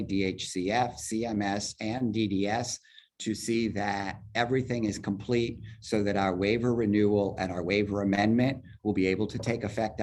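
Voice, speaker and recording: A man heading an agency, walking a virtual public forum through budget figures step by step on a video call, talking fast and explaining as he goes. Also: fairly low pitch, a little mellow. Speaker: agency head presenting a budget. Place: virtual meeting, speaking from home or office.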